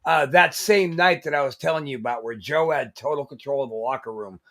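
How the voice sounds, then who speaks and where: A man with an average-pitched voice tells a story in an easygoing, profane way. He drops into quoted lines now and then, keeping a relaxed co-host tone. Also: a little fast. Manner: laid-back, profane, acts out quotes. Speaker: podcast co-host. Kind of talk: casual storytelling chat.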